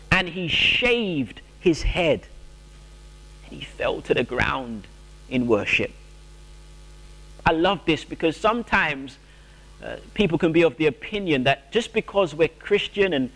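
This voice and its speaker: A man preaching a sermon, drawing out his phrases, rising to emphatic peaks and falling to a soft hush on solemn words. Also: a little high. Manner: slow, drawn-out preaching with swelling emphasis.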